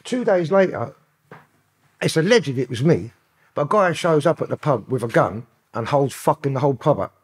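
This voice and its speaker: Husky London man telling rough stories. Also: fairly high pitch, expressive, moderate pace. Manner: profane, rambling street talk. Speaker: podcast guest. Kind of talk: casual storytelling interview.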